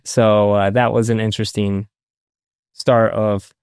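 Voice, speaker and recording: A man in his thirties, a guest in a casual interview, talking in a halting way with many fillers and restarts. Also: lowish voice, steady tone, clear, resonant tone, dry recording, studio quality. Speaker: guest, adoptive father. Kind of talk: casual interview over video call.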